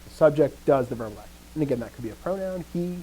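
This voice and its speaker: A man's voice: a little high, fast, a little hiss or hum, poor audio. A man teaching a live grammar lesson, asking the class questions and restarting his sentences as he thinks. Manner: lively, asks questions and answers himself.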